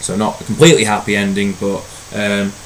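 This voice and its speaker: Low-voiced male teacher, chatty. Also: fairly quick, slight background noise, low-quality recording. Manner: relaxed, conversational, many ums and uhs. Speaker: history teacher. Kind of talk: recorded history lesson.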